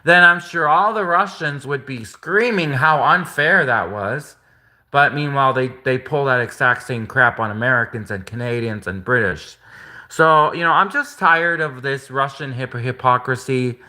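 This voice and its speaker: A man's voice: medium pitch, normal speed, bright, forceful tone. A man talking straight to camera in a rambling, indignant vlog rant, circling back and repeating himself. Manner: indignant, repetitive, rambling with restarts. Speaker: vlogger. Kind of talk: casual ranting monologue.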